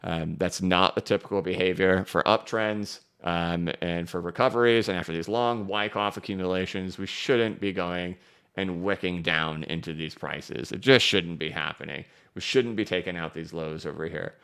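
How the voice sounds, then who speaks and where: A low, clear and resonant male voice leads a live-streamed crypto analysis show. The host is energetic and emphatic, speaking rapidly as he goes over charts and responds to viewer questions he reads out.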